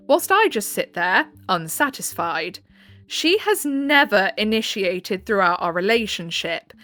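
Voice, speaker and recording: A woman's voice: on the high side, pushed and bright. A woman reading online posts aloud, breaking off for chatty, exasperated asides. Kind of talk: casual storytelling with commentary.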